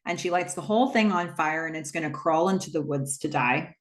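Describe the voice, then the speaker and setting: Picture a woman with a notably low voice, talking through a movie plot step by step in a relaxed, unscripted way. She strings scenes together with "and then", and now and then drops in an "um" as she goes. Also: brisk. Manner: retells scenes step by step with fillers. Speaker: movie recap host. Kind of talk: casual plot recap.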